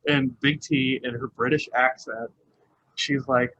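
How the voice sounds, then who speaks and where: A man's voice: medium pitch, steady tone, measured pace, sharp tone, muffled recording, a little hiss or hum. A man co-hosting a podcast, recapping a reality show in a chatty, casual way with lots of fillers and laughter. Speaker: podcast co-host.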